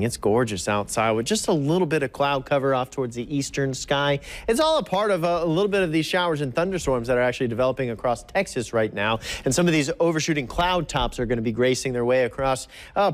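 A man presenting a live TV weather forecast in an upbeat, conversational way, stretching words for emphasis. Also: mid-range voice. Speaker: TV meteorologist.

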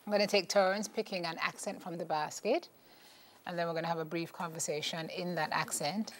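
A woman's voice: lowish voice, fairly even intonation, a little fast, slight background noise. A Jamaican woman hosting a morning TV show, upbeat and teasing as she explains a game's rules. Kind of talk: playful accent game on TV. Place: TV studio.

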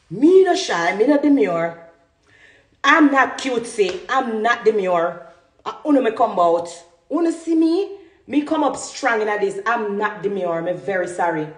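Recorded in an echoey room, a woman with a medium-pitched voice and a Jamaican Patois accent delivers a heated rant to camera. As a social media vlogger she's fiery and defiant, repeating herself for emphasis.

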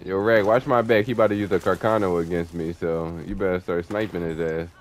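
A young man commentating his online gameplay, taunting and cursing at opponents in an excitable, profane way. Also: low-pitched, brisk, a little hiss or hum. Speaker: gamer streaming online play. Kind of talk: trash-talking gameplay commentary.

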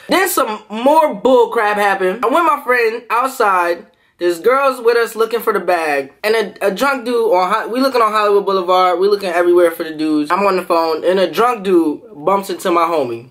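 Animated man telling a story. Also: high-pitched, a little fast. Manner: animated, jumps into quoted voices, laughs often. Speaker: food vlogger. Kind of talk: casual storytelling to camera.

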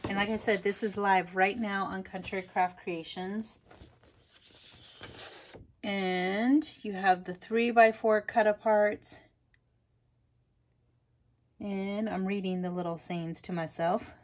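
A woman's voice: mid-range voice, fairly even intonation, slow, pauses often. Chatty giggly woman showing craft supplies. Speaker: craft vlogger. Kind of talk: casual product haul chat.

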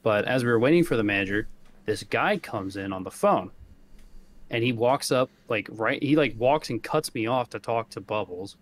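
A man's voice: medium pitch, lively intonation, normal speed, a little hiss or hum. A man on a podcast telling a rant-filled story in casual chat, swearing often and laughing as he goes. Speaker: podcast co-host.

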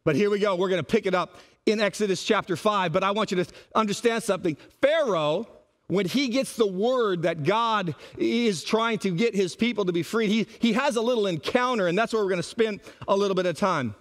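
A man preaching a sermon as pastor, animated and acting out the voices he quotes. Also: high-pitched, a little fast.

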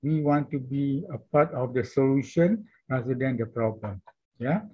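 A man's voice: medium pitch, normal speed, slightly rough, phone-quality sound. A man chairing an online launch event, finishing formal well-wishing remarks. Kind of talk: closing remarks of a speech.

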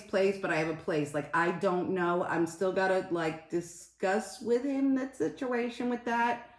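A woman's voice: on the low side, vocal fry, echoey room. A woman on a casual live stream, swearing a lot and greeting viewers in the middle of her story.

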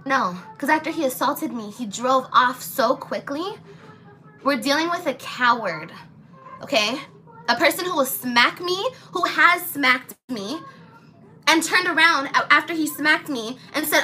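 A young woman vents on a livestream in a blunt, angry, swearing manner. Her voice sits high and sounds bright and sharp. A faint noise floor runs under the recording. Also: expressive, normal speed, rough recording. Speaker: vlogger. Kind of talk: livestream vlog.

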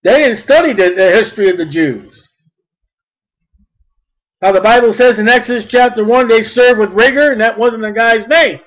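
A man preaching a sermon, blunt and folksy, mocking at times and rising to shouts. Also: extremely high pitch, normal speed, pauses often, poor audio.

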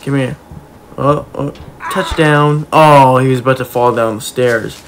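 Goofy man giving excitable game commentary. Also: mid-range voice, measured pace, slight background noise. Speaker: gaming YouTuber. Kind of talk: playful gameplay commentary.

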